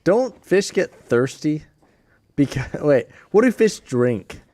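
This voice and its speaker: A man's voice: on the high side, big pitch swings, slow pace, warm tone, no room sound. A man on a podcast talking in a rambling, casual way, laughing at his own stories. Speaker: podcast regular. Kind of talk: casual chat.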